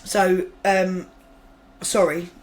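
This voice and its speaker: A woman's voice: fairly low pitch, fairly even intonation, very slow, poor audio. A woman, a podcast guest telling her story in a frank, rambling way, full of restarts, blunt humour and the odd swear word. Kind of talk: casual spoken storytelling.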